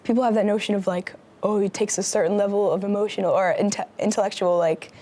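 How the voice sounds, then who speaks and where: A woman's voice: mid-range voice, steady tone, fast talker, dark tone. A young woman co-hosting a campus TV show, chatting casually about shows and retelling plots with lots of fillers. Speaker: guest co-host. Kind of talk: casual pop-culture chat. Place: campus TV studio.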